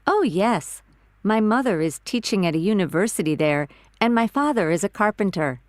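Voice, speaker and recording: A woman's voice: mid-range voice, lively intonation, normal speed, natural voice. A woman voicing Rita, a friendly young woman chatting in a scripted textbook listening dialogue.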